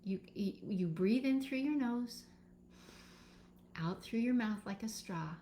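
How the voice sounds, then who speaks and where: A woman teaching a live session as a birth educator, calm and instructive, guiding listeners step by step with pauses. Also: a little high, a little hiss or hum.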